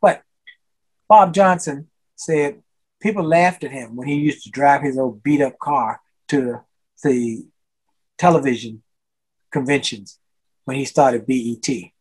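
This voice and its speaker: A man's voice: medium pitch, a little slow, pauses often, husky. An older man, a motivational speaker, giving a guest interview in a preachy way, repeating his key phrases for emphasis. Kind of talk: energetic podcast interview.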